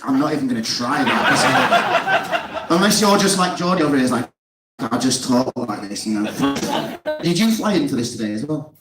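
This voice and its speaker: A man's voice: a little high, wildly swooping pitch, moderate pace, loud music behind the voice. A man doing stand-up crowd work as compere, bantering and laughing between jokes in a club. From Otley, Yorkshire. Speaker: comedy compere. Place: club venue with audience. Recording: echoey room from far off, loud noise.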